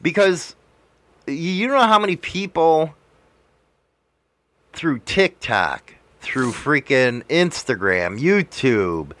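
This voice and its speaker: A man's voice: fairly high pitch, sing-song, slow, pauses often, a bit bright, dry recording. A man hosting a casual podcast chat, talking emphatically and swearing freely. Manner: profane, emphatic storytelling. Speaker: podcast host and motovlogger.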